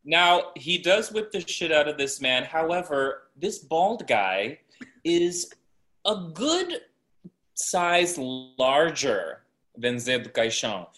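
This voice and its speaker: A man's voice: a little high, big pitch swings, slow pace, fairly bright tone. A man co-hosting a casual podcast, commenting on a film in a chatty way, with lots of fillers and swearing. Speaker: podcast co-host. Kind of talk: casual chat.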